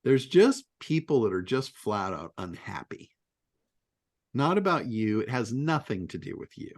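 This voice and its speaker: A man of middle pitch hosts a casual business call. His voice swings widely up and down as he talks, and he laughs often. The sound is close and dry. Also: big pitch swings, measured pace, darkish tone, no room sound. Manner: blunt, laughs often, mild swearing. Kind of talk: casual chat, telling stories and giving advice.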